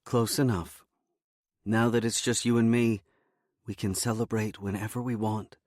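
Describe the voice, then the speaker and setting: A man's voice: lowish voice, flat delivery, normal speed, darkish tone, no room sound, studio quality, voice pushed up, lightly acted. A man voicing a tender, loving mother in an audiobook. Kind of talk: audiobook character voice.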